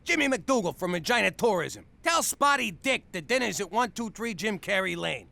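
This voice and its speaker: A man voicing a brash, dim middle-aged family man in an adult cartoon, loud and ungrammatical. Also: sits high, big pitch swings, moderate pace, vocal fry, full character voice.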